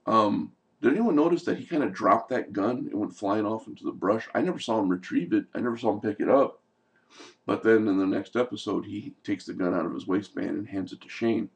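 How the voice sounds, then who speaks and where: A man's voice: lowish voice, fairly quick, recorded from a distance. A man giving a heated, profane, exasperated recap of a TV episode in a casual rant. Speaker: TV show commentator.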